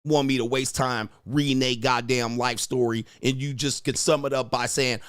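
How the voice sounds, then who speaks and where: A man's voice: medium pitch, fairly even intonation, normal speed, few pauses, a bit bright, smooth, dry recording, clean studio sound. A man hosting a livestream, berating his viewers in a profane rant full of insults and repeated taunts. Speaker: livestream host and dating coach. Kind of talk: ranting at live chat.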